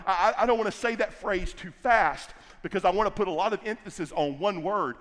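A middle-aged man preaches from the pulpit in a notably high voice, leaning hard on repeated phrases and stretching out the words he wants to stress. His voice rings through a large church hall with a long reverb trailing each line. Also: fairly quick, hardly any pauses, a bit bright. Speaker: pastor. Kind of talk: sermon.

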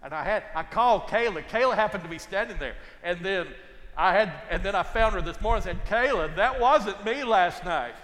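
Older man, preaching, high-pitched, folksy, loud-to-soft swings. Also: fast talker, in a large hall, a little hiss or hum. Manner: wide swings from loud to hushed, folksy storytelling. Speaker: pastor. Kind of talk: sermon.

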